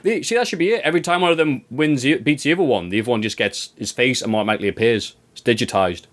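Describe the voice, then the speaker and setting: A man co-hosting a wrestling review, chatting casually in an animated, ranting way and swearing freely. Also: medium pitch, very fast. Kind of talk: casual chat.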